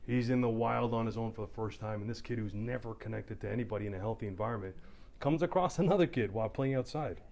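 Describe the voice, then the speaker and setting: A man's voice: fairly low pitch, quick pace, vocal fry. A middle-aged man from Canada, a police officer, telling stories animatedly to a town hall audience. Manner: animated storytelling, acting out voices. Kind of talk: community town hall talk. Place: community hall.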